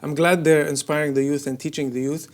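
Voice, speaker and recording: A man's voice: fairly high pitch, flat delivery, racing. A man in his thirties from the United Arab Emirates, a comedian chatting casually on a podcast, joking and laughing often at his own expense. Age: 30s. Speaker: comedian guest.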